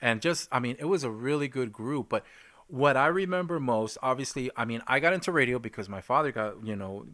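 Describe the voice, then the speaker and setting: A man hosting a casual interview, telling lively stories and acting out old phone calls. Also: medium pitch, fairly quick. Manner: animated storyteller, acts out phone calls. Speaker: host.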